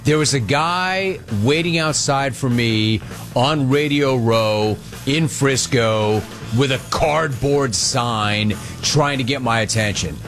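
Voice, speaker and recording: A man hosting a sports radio show, reading listener questions and answering them with casual anecdotes and quick impressions of people he talks about. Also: mid-range voice, fairly bright tone, faint music behind. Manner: storytelling, mimics people in anecdotes.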